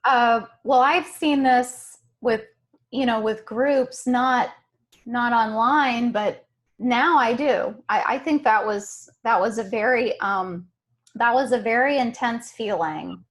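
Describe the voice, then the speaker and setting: A woman hosting a meditation group on a video call, gentle and soft-spoken, laughing often. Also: on the high side, slow.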